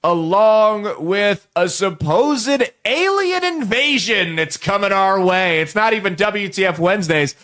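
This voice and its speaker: A man's voice: high voice, animated, unhurried, few pauses, fairly bright tone. A man in his late twenties hosting a show, telling a crude, rambling comic story straight to viewers with plenty of restarts. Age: late 20s. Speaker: show host. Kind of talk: comedic monologue to viewers.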